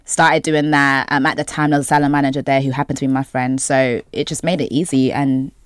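A young woman with a notably low voice, recounting her story with animation as a podcast guest. Relaxed, conversational delivery. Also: a little fast, clean tone, dry recording, clean studio sound. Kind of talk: casual interview chat.

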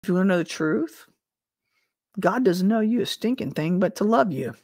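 A woman teacher and minister giving informal prophetic teaching in a conversational way, full of rhetorical questions and an occasional throat clearing. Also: medium pitch, lively intonation, moderate pace, a little mellow, no echo, clean studio sound.

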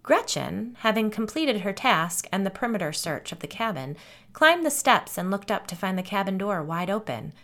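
A woman narrating a scripted horror story in a measured, suspenseful way. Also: medium pitch, big pitch swings, fairly bright tone.

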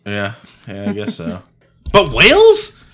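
Bright-voiced joking podcast man. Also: fairly low pitch, wildly swooping pitch, takes it slowly. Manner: joking, profane, riffing on wild ideas. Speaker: podcast co-host. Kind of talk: casual chat.

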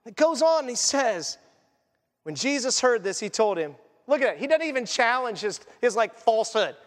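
A man preaching a sermon as pastor, animated, acting out voices and joking along the way. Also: very high-pitched, normal speed, long reverb tail. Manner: animated, acts out voices and jokes.

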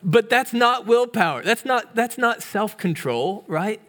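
A man's voice: animated, measured pace, a bit bright. A man preaching a sermon as a pastor, in a conversational way with restarts and tag questions. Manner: acts out storybook voices in a higher pitch.

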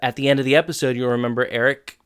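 A man's voice: mid-range voice, steady tone, racing, a bit bright, clean tone. A man co-hosting a casual podcast, steering the chat about a TV episode with small fillers and restarts. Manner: organized, steers the talk, hesitant fillers. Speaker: podcast co-host.

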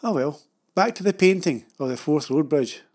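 A man's voice: on the high side, animated, moderate pace, a little mellow. A man with a Scottish accent narrating a humorous story about his own life in a dry, self-mocking way.

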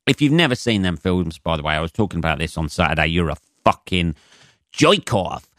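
A man's voice: low voice, expressive, quick pace, a bit bright, no echo, clean studio sound. A man in his forties from England hosting a solo comedy podcast, rambling and swearing, with lots of fillers and chuckles at his own jokes.

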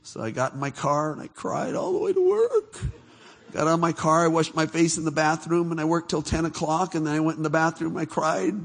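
A middle-aged man preaching a testimony sermon, telling his story with animated laughter, turning soft and hushed when he reflects. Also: on the high side, a little fast, vocal fry.

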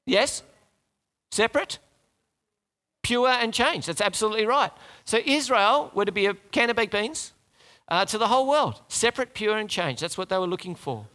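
A man with a high, bright voice preaches a sermon. He keeps it conversational and animated and often stops to put questions to his listeners. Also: moderate pace.

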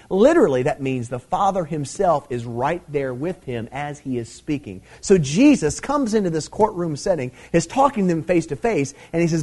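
A man's voice: a little high, big pitch swings, fairly quick, few pauses, dark tone, slightly rough. A middle-aged man preaching a Bible teaching sermon in a conversational way, with many fillers, swelling into emphatic stresses.

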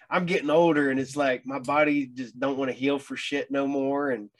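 A middle-aged man speaking as a guest in a casual chat, halting and repeating words with a wry edge. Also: medium pitch, fairly even intonation.

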